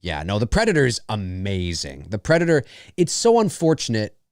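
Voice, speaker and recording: Chatty man with a lively, dry voice. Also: lowish voice, moderate pace, no room sound. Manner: rambling and chatty, with frequent laughs and swearing. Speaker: host of a live movie commentary show. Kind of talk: casual live movie commentary.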